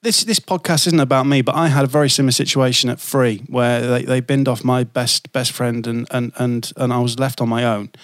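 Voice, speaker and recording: A man's voice: mid-range voice, steady tone, a little fast, few pauses, no echo, studio quality. A man who hosts a radio podcast, interviewing a guest in casual chat and asking rambling questions. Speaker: podcast host, radio presenter.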